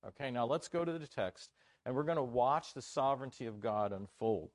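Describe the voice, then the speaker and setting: A man delivers a conference sermon with a lively, swinging voice that climbs when he presses a point. He talks to the congregation in a casual, joking way. The recording is dry and close. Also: medium pitch, fairly quick, no echo. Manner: animated, conversational, jokes with the audience. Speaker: preacher.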